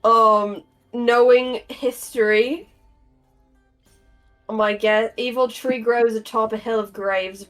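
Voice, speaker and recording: Unhurried female player and note taker, raised voice, faint music behind, thinks aloud. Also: a little high, steady tone, a bit bright, rough recording. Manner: thinking aloud with many fillers. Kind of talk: casual tabletop game chat.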